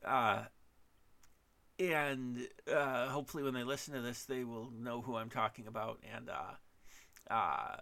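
Guy rambling alone on his podcast, gravelly and kinda bright, lots of stops and restarts, putting himself down. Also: mid-range voice. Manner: halting, hesitant, many restarts and fillers; self-deprecating. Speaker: podcast host. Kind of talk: solo podcast monologue.

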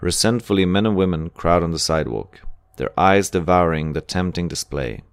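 Deep-voiced male audiobook narrator. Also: moderate pace, clean tone, dry recording. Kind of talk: scripted narration.

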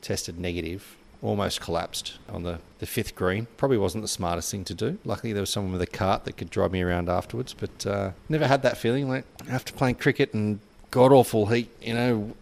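A man's voice: fairly low pitch, brisk, vocal fry, hardly any pauses, a little mellow. A man co-hosting a podcast, chatting casually in a rambling way with lots of fillers. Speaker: podcast co-host.

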